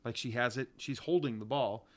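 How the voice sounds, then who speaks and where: A middle-aged man from Ohio with a Northeast Ohio accent, co-hosting a podcast and telling a casual story as a youth softball coach, acting out the quotes. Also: mid-range voice, brisk. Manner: animated, acts out quotes.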